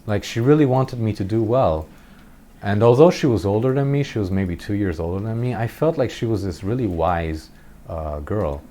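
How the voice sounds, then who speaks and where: Low-voiced man rambling through a story. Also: expressive, moderate pace, warm tone. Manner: rambling, chuckling, self-deprecating. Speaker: gameplay commentator. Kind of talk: casual storytelling over gameplay.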